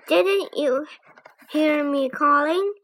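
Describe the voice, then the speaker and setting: A careful, jittery young boy from a storybook, as a woman reader puts him on. His lines come in urgent, hushed warnings, pitched well above the reader's own already high voice and drawn out slowly. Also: full character voice.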